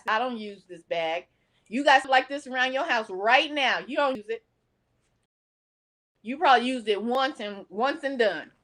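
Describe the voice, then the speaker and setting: Woman, vlogger, casual chat, talks to viewers, slightly high voice. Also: fairly bright tone. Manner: chatty, talks straight to viewers as "y'all". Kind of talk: casual talk to camera.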